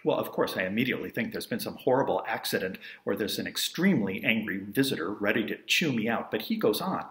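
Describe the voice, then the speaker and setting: Man, storytelling monologue, wry asides, lively pitch, roomy echo. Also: quick pace, few pauses. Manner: wry, conversational, self-amused asides.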